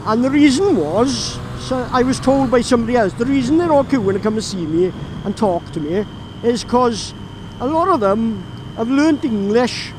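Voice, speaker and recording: A Welsh man from Llanelli, a motorcycle vlogger, rambles through a story while riding his motorbike outdoors, laughing often. His voice is very high-pitched with lively intonation and a moderate pace, and there's noise in the background.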